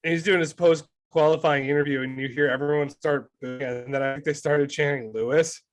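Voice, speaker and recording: A man's voice: fairly high pitch, steady tone, fairly quick. A man co-hosting a podcast, chatting loosely with many fillers. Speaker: podcast co-host. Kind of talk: casual chat.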